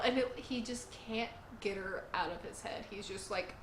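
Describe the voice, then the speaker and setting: A woman's voice: mid-range voice, normal speed, reverberant, slight background noise. A woman reviewing a manga series in casual chat, giggling often and saying "like" a lot. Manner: giggly, enthusiastic, says "like" a lot.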